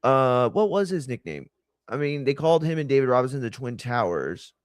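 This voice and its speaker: A man's voice: medium pitch, big pitch swings, fairly quick, smooth, no echo, studio quality. A man hosting a watch-along stream, chatting casually in a rambling, sarcastic and exasperated way. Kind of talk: casual chat.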